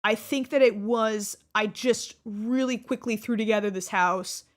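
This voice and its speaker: A woman's voice: fairly high pitch, a little slow. A young adult woman hosting her channel, giving casual reaction commentary on her old videos in a rambling way, with many restarts and laughs. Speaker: YouTuber host.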